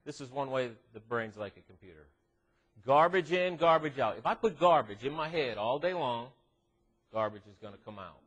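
Husky guy doing a youth devo at church, jokey and teasing, voice jumping all over the place, kinda far from the mic. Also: medium pitch, moderate pace. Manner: animated, joking and teasing with teens. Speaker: youth minister. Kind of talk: youth devotional talk. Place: church classroom.

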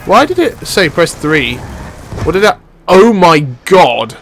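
A young man giving live commentary while playing a shooter, excitable and jokey, swearing and yelping when he gets hit. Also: high voice, slow, a little hiss or hum. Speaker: gaming channel host.

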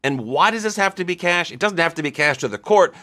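A man playing a pushy male scammer posing as an attorney, brisk and rehearsed. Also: a little high, expressive, pushed and bright, voice pushed up. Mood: pressuring.

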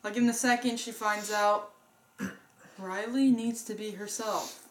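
A woman's voice: medium pitch, steady tone, slow. A woman co-hosting a casual movie review, earnestly retelling the plot step by step.

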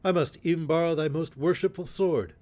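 A man's voice: mid-range voice, expressive, normal speed, lightly acted. A man voicing a sturdy, loyal outlaw who speaks in a hearty, mocking, raised voice. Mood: bold.

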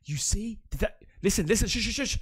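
A man from England hosting a reaction video, talking casually and excitably, swearing a lot and calling people mate. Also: high-pitched, fairly quick, husky. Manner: excitable, swears often, calls the viewer mate.

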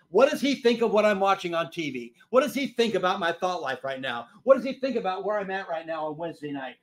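Animated preacher man, big loud-soft swings. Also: high voice. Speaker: pastor. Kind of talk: sermon. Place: church sanctuary.

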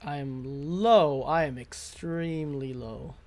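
A man's voice: on the high side, steady tone, slow pace, darkish tone. A man giving live commentary while playing a video game, swearing and venting frustration at enemies into a close desk mic. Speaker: gaming streamer.

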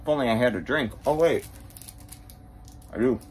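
A man on tour as a bassist, chatting straight to the camera in a casual travel vlog and poking fun at himself. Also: moderate pace, darkish tone, slight background noise. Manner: chatty, self-mocking, talks straight to camera. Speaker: touring bassist.

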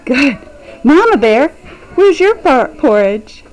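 A woman teacher walks a class of small children through acting out a story in a classroom. Her voice sits high and swoops up and down in an encouraging, sing-song way. She speaks slowly and gently. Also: sing-song, poor audio. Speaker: preschool teacher.

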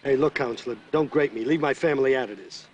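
An actor playing a ruthless male crime boss in a 1970s crime film, curt and quick to explode into shouting. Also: medium pitch, highs cut off, a little hiss or hum, lightly acted. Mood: cold. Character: ruthless male mob boss, hot-tempered.

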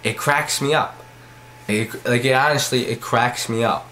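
A man's voice: medium pitch, unhurried, bright, forceful tone, slight background noise. A young adult man hosting a comedy vlog, ranting in a profane, rambling way and repeating his lines over and over. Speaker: vlog host. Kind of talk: comedy rant to camera.

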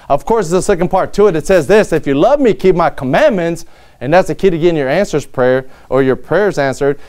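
A man's voice: a little high, darkish tone. A man preaching a sermon in a church, earnest, reading scripture aloud with rising emphasis.

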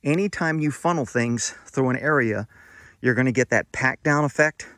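A man's voice: mid-range voice, normal speed, a bit bright, no room sound. Chatty man explaining his horse paddock. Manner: chatty, explains step by step, scolds pets playfully. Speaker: horse owner vlogger. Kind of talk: casual outdoor vlog.

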